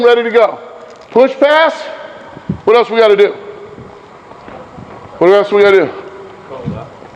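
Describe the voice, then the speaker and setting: Guy coaching on a basketball court, high voice, keeps yelling go get it, muffled lo-fi audio with balls bouncing behind. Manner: calls out short, repeated drill commands; explains points to watching coaches between drills. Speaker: basketball coach running a clinic.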